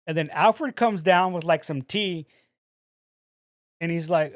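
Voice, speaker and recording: A man's voice: fairly high pitch, slow, pauses often, no echo. A man co-hosting a podcast, telling a story animatedly and acting out the quotes in casual talk. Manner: casual, says "bro". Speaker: podcast co-host.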